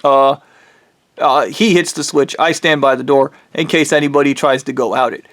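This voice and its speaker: A man's voice: mid-range voice, fairly even intonation, moderate pace, a bit bright. A man telling a true spooky story in a casual, rambling way, swearing and correcting himself as he goes.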